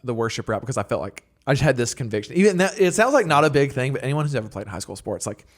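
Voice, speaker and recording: A man's voice: medium pitch, racing. Young man rambling through a casual chat. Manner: rambling, filler-heavy, animated storytelling. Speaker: guest songwriter and worship leader. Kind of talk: casual podcast interview.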